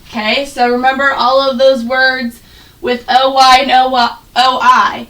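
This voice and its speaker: Slow, bright-voiced woman teaching phonics. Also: high voice, little pitch movement, recorded from a distance, rough recording. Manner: slow, exaggerated sounding out of words. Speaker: first grade teacher. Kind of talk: online phonics lesson. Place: home, on a video call with students.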